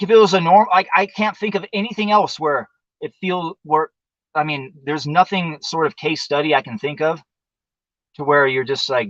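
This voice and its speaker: A man's voice: on the high side, fairly bright tone, no room sound, lo-fi sound. A man hosting a livestream show, telling a rambling, profane story in a casual monologue. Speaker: show host. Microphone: livestream mic.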